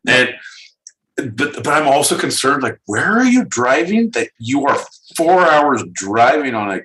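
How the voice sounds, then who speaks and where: A man's voice: mid-range voice, measured pace. A man co-hosting a podcast in casual chat, joking and swearing freely over a video call. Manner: profane, joking, excitable. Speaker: podcast co-host. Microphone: headphones with mic.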